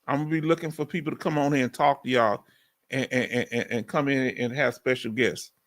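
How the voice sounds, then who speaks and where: A middle-aged man with a strong Southern accent from Texas, loudly and folksily chatting live with his viewers as host. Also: mid-range voice, steady tone, fairly quick. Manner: loud and folksy, reads out viewer comments. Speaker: livestream host. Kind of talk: casual live chat with viewers.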